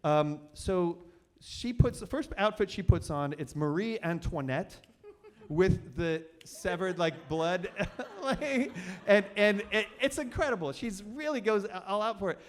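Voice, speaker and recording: Rambling man telling a stage story. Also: a little high. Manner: rambling and self-deprecating, many fillers and restarts. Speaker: storytelling show host. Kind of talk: live comedic storytelling.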